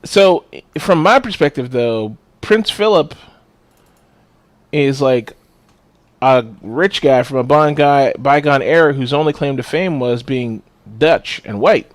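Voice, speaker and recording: A man's voice: medium pitch, slow, dry recording. A man co-hosting a podcast in casual chat, blunt and profane, laughing often. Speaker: podcast co-host.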